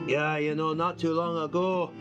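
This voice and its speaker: A man's voice: on the high side, flat delivery, moderate pace, over music, pitched above the performer's own voice, lightly acted. A man voicing a chatty male innkeeper who rambles through rumors with lots of asides. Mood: gossipy. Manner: rambling, full of "you know" asides.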